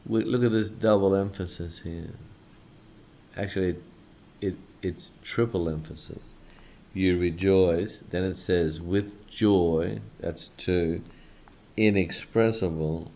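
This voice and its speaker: A male pastor preaching a sermon, slow and emphatic, often tagging on a questioning "hey?". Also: sits low, warm tone. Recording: dull lo-fi sound.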